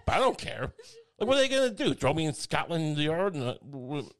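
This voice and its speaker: A man's voice: on the high side, sing-song, brisk, a bit bright. A man in casual comedic conversation, rambling through half-finished thoughts and laughing at himself. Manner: rambling, self-mocking, lots of restarts.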